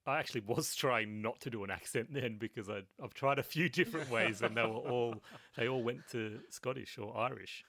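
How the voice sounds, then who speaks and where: A man's voice: medium pitch, a little fast, fairly bright tone. A man co-hosting a casual book chat in a dry, laid-back way. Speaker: podcast co-host.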